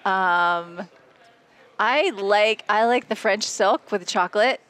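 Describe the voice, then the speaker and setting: A woman co-hosting a startup talk show, upbeat and quick to laugh in casual chat. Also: medium pitch, fairly bright tone, clean tone. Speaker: co-host.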